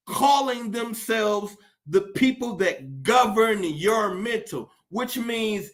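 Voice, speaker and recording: A man's voice: sits high, slow pace, fairly bright tone. A man delivering a fiery, profane monologue, full of rhetorical questions and preachy emphasis. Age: adult. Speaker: commentator. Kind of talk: impassioned monologue.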